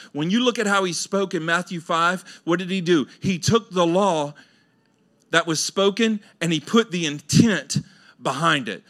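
A middle-aged man preaching a sermon, animated and colloquial, swinging between loud high exclamations and quiet low asides. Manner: colloquial, acts out listeners' voices, laughs often. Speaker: pastor. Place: church sanctuary.

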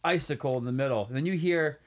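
Man recapping a movie, slightly high voice. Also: fast talker. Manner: relaxed storytelling, quotes scenes. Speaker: podcast co-host. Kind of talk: casual movie recap chat.

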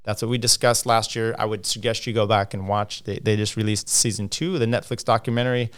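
A man's voice: fairly low pitch, little pitch movement, fast, clean tone. A man hosting a casual cycling livestream, rambling with lots of fillers and restarts as he talks through standings and viewer comments.

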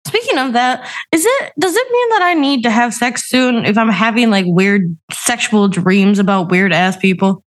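A woman's voice: a little high, expressive, normal speed, hardly any pauses. A woman co-hosting a casual podcast over a remote call, rambling, giggling and losing her train of thought. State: just woken up. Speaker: podcast co-host. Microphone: remote call recording.

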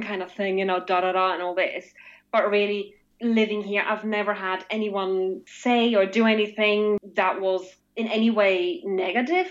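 A woman's voice: medium pitch, level tone, moderate pace. A woman from Austria talks in a loose, chatty way, often restarting her thoughts. Her English has a British and Irish flavor over a German first language. The recording is a little dull and lo-fi. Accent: Austrian with British and Irish English traces. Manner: chatty, many restarts and laughing asides. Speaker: guest. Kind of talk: casual conversation. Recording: slightly dull lo-fi audio.

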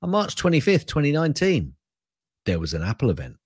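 An older man chatting on a tech podcast in a husky voice that rises and falls a lot. He sounds wry and likes a rant, laughing as he goes. His mic sounds close and dry. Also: on the high side, wildly swooping pitch, a little fast, dry recording. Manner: wry, ranting, laughs often. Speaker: podcast co-host. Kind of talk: casual tech podcast chat.

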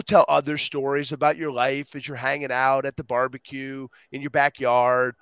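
A man on a podcast as a guest, talking with energy and acting out quotes in lively voices. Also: mid-range voice, normal speed, few pauses, no room sound, muffled recording. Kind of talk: animated interview talk.

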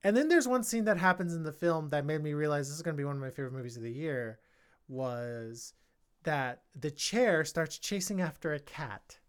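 Man, podcast host, casual film chat, enthusiastic, gets loud when excited. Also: fairly high pitch, normal speed, clear, resonant tone.

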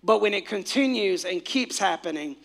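High, bright-voiced man preaching a sermon. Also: lively intonation, moderate pace. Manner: exclamatory, repetitive, calls for congregation responses. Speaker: pastor.

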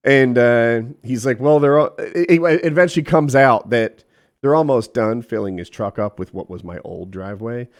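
A man's voice: mid-range voice, moderate pace. A middle-aged man telling a story in casual chat, quoting the people in it and swearing freely. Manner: animated, profane, quotes people in voices.

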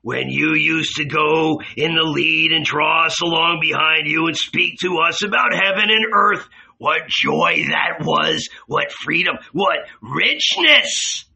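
A man voicing an anguished, furious adult male disciple who shouts and wails his accusations in a storybook reading. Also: fairly high pitch, animated, slow pace, gravelly, few pauses, breathy edge, heavily acted.

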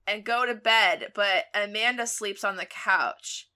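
A woman's voice: medium pitch, unhurried, hardly any pauses, pushed and bright, soft background music. A young woman co-hosting a podcast, reading fan fiction aloud with frequent laughter and asides. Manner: laughs often, reads stiffly then comments. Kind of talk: giggly comedic read-aloud with silly voices.

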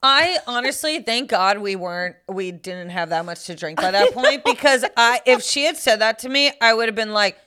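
A woman's voice: fairly high pitch, lively intonation, normal speed, few pauses, sharp tone, smooth. A young woman co-hosting a podcast, chatting casually, blunt and swearing freely with frequent laughs. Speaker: podcast co-host. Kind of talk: casual chat.

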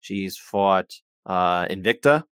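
A man co-hosting a podcast, talking through scores in a measured way, thinking out loud with frequent restarts. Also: sits low, lively intonation, clear, resonant tone, no room sound. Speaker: podcast co-host. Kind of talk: casual podcast chat about fight scoring.

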